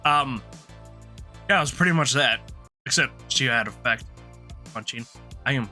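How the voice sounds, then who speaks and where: A man's voice: mid-range voice, normal speed, pushed and bright, faint music behind. A man streaming live, telling a long rambling story in casual chat, laughing often and restarting his sentences.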